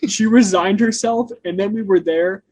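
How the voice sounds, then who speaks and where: Dude reading out a book passage, chuckles here n there, husky higher voice. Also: male voice, fairly even intonation, moderate pace, darkish tone, no room sound, poor audio. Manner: reads long passages aloud with chuckles. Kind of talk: casual book discussion with friends.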